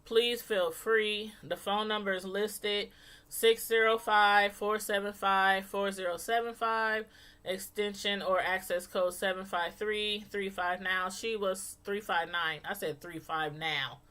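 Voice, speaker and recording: A woman hosting a casual call-in show, talking in an animated, emphatic way and often repeating herself. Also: medium pitch, measured pace. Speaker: host.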